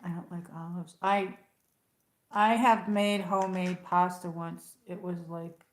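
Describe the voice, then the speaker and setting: A woman's voice: fairly low pitch, fairly even intonation, a little slow. A middle-aged American woman chatting casually on her livestream, rambling and reading viewer comments aloud. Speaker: livestream host. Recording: echoey room.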